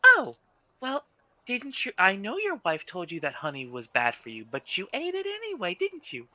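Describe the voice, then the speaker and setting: A man's voice: high-pitched, huge pitch swings, normal speed, pushed and bright, no room sound, highs cut off, voice pushed up, heavily acted. A man voicing a cheerful, scatterbrained female potion seller in a tabletop game, rambling and easily confused. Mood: scolding.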